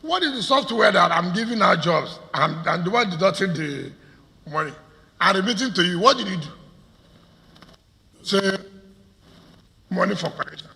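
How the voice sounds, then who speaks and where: A man's voice: sits high, animated, normal speed, creaky, pauses often, pushed and bright. Combative Nigerian man in an echoing hall. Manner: combative, fires rhetorical questions. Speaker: state governor addressing business stakeholders. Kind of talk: public address at a meeting. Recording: reverberant hall.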